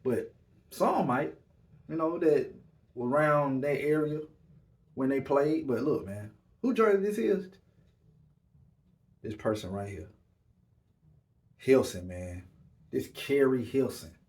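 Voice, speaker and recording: A man's voice: mid-range voice, animated, slow pace, pauses often, a little mellow. Laid-back man ending lines with "man". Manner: laid-back, repeats "man" at line ends. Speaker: podcast host. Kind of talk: casual monologue. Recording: echoey room.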